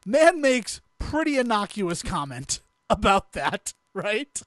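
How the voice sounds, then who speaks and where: A man's voice: sits high, big pitch swings, takes it slowly, a bit bright, no room sound. A man co-hosting a podcast, telling a story in casual chat, laughing as he goes and swearing freely. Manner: laughs through his stories, swears freely. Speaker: podcast co-host.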